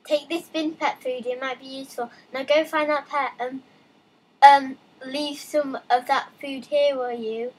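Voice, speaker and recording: A young woman casually commenting while playing a game, reading on-screen text aloud with excitable, chatty asides. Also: high-pitched, unhurried, rough recording. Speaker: let's play gamer.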